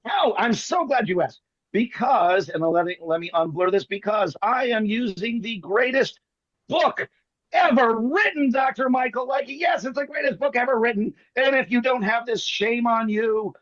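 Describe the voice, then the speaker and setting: A man performing as a magician, telling jokey stories in quick comic patter over a video call. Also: very high voice, a bit bright, no room sound, highs cut off. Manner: rapid joking storyteller, playful teasing. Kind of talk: comic patter on an online show.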